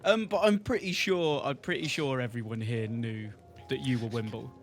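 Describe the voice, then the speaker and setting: A man's voice: medium pitch, moderate pace, soft background music. A man co-hosting a live stream in friendly casual chat, laughing often and reacting to viewers. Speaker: co-host of a live-streamed tavern show.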